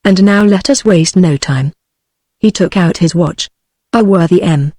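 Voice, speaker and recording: A woman's voice: lowish voice, unhurried, no room sound, clean studio sound. A woman with a British accent, a synthetic voice, reading the lines of a ruthless, misshapen male clerk holding a gun. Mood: menacing. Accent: British English. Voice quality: even synthetic delivery.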